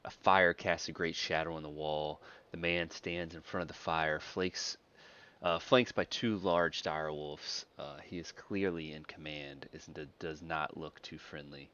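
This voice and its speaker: A man's voice: extremely low pitch, steady tone, measured pace, sharp tone, clean tone, muffled recording. A man narrating a tabletop game as game master, laid-back and often chuckling.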